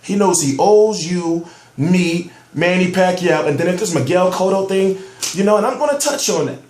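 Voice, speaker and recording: A man's voice: high voice, animated, moderate pace, darkish tone, roomy sound, a little hiss or hum. A man giving heated, profane commentary on boxing news in a ranting vlog, amped up and emphatic. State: amped up on soda.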